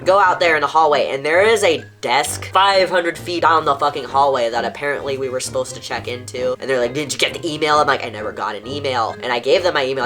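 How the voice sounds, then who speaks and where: A young adult telling a storytime in a casual, frustrated way, swearing often and filling with "like", over soft music. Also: mid-range voice. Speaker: storytime animator. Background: soft background music.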